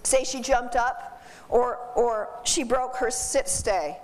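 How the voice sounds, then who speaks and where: A woman instructor teaching dog behavior to a live class in an animated, joking way, quizzing the class as she goes. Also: on the high side, takes it slowly. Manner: animated, jokey, asks the class questions. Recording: roomy hall from a distance.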